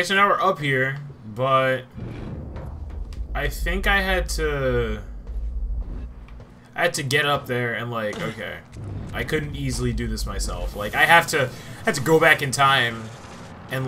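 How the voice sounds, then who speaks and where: A man's voice: mid-range voice, noisy background. A young man giving casual gameplay commentary, joking and swearing. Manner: swearing, joking, easily startled. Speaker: gamer.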